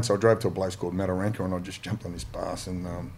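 A very deep-voiced Australian man spinning yarns as a podcast guest. He talks bluntly and swears freely, looping back and restarting his sentences, and a faint hiss of noise sits under him. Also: level tone, quick pace, creaky, a little mellow. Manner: blunt and profane, rambling with restarts. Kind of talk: casual storytelling.

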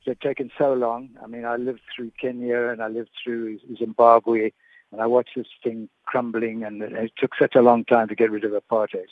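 An older man from South Africa, a veteran sports broadcaster, reminiscing as a radio guest, halting and repeating words as he goes. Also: mid-range voice, little pitch movement, dry recording. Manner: hesitant, many repeated words and restarts. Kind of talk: phone-in reminiscence. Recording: tinny phone line on radio.

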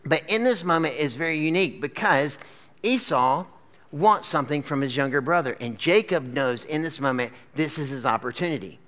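His voice is a little high and a bit bright, animated and moderately paced, as this pastor preaches casually to a live crowd. The story comes out chatty and loaded with fillers like "like" and "okay?", at a church gathering with a screen.

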